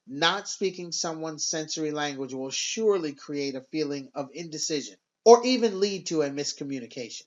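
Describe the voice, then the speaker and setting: Man, sales trainer, scripted narration, instructive, muffled lo-fi sound. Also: on the high side.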